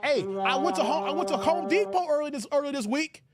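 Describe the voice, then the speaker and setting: A man's voice: very high voice, sing-song, fairly quick, over loud music. A man from the United States, hosting his channel and reading emails aloud in a mocking, combative rant. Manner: combative, mocking, repeats filler "here". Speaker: channel host. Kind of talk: reading emails and ranting on camera.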